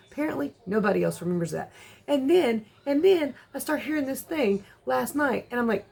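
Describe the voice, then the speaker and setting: A woman in her forties chatting casually on a vlog, excitable and ranting. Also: brisk, gravelly, husky. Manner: excitable ranting with big jumps in pitch. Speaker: vlogger.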